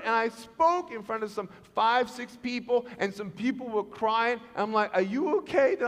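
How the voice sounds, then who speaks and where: A man giving a storytelling speech to students, animated and acting out the voices in his stories. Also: very high voice, moderate pace, hardly any pauses, slight background noise. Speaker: motivational speaker. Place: large school hall. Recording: long hall reverb.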